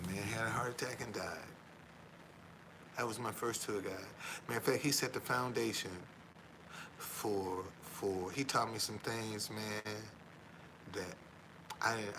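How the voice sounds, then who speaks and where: A man's voice: lowish voice, a little slow, long pauses, noisy background. A middle-aged man chatting casually on a livestream, rambling and repeating himself, tagging his lines with "man" and earnestly preaching about honesty. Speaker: tour guide and former van driver.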